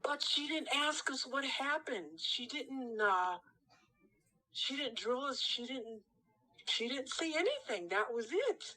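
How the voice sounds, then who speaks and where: A woman being interviewed, telling her story in a halting, animated way with many restarts. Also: high-pitched, low-quality recording. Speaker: interview guest.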